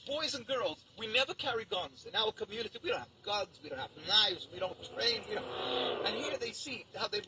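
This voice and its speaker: A man being interviewed at a protest, talking emphatically with halting restarts, recorded outdoors in the street. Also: high voice, expressive, heavy background noise.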